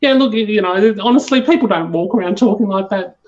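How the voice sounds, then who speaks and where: An Australian woman chats as a podcast guest, rambling and restarting her sentences with plenty of fillers. Her pitch sits in a middle range. The audio is dull and lo-fi. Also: fast talker, crowd noise. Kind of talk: casual chat.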